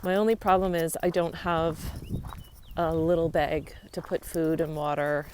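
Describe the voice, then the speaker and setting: Her voice is deep and darkish, fairly even in intonation and measured in pace, with slight background noise. A vlogger on a long-distance walk, she chats happily into her handheld phone along a rural trail, laughing easily for a casual travel vlog.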